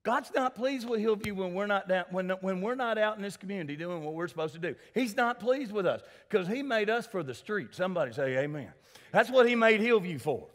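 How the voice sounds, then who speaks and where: A male pastor preaches a sermon in a church sanctuary, his high-pitched voice brisk with hardly any pauses. He's animated, calling for responses and addressing people by name.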